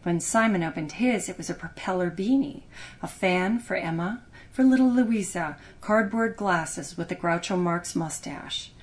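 Woman storyteller, audiobook read, lively and expressive. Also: on the low side, a little slow. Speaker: narrator. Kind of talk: audiobook narration.

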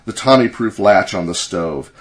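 A man reading a short story aloud as narrator, in a steady storytelling manner. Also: low voice, normal speed. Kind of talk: audiobook narration.

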